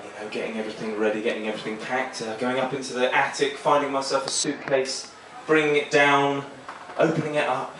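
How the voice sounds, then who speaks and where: A man doing a stand-up comedy set on a small club stage, rambling and self-deprecating with a deadpan delivery. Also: medium pitch, fairly quick, few pauses. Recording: echoey club, mic heard from far, noisy.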